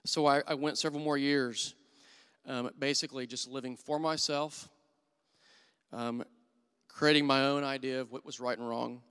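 A man's voice: mid-range voice, steady tone, normal speed, pauses often, a bit bright, clear, resonant tone. A middle-aged man preaching a sermon as a church elder, telling candid and self-deprecating stories. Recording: long hall reverb.

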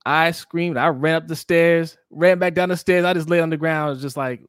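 Animated man telling sports stories. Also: on the high side, brisk, smooth, no room sound, studio quality. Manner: animated storyteller, acts out his own reactions. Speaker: podcast co-host. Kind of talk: casual sports talk.

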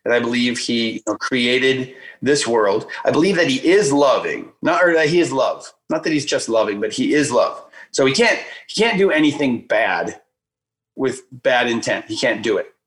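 A man telling a personal story in a casual conversation, animated and filler-heavy, acting out the voices he quotes. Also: medium pitch, normal speed, low-quality recording. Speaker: guest speaker.

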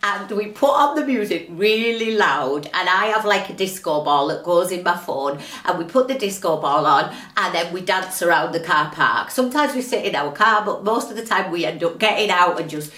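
A woman's voice: lowish voice, lively intonation, normal speed, hardly any pauses, a bit bright, far from the mic. Chatty ranting woman podcast host. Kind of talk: casual motivational monologue. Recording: roomy echo, a little off-mic.

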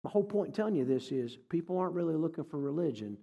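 A man's voice: on the high side, expressive, very fast, vocal fry, highs cut off. A man giving a folksy, conversational sermon as a guest speaker, telling stories and joking with the congregation. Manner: folksy, conversational, jokes with the audience. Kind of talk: sermon with storytelling. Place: church hall. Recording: reverberant church hall.

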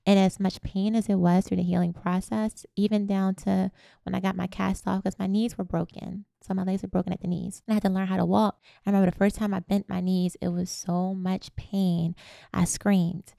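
A woman guest recounting a personal story in conversation, animated and laughing at times. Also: mid-range voice, brisk, vocal fry, no room sound, studio quality. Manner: animated, laughs while telling stories. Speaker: podcast guest.

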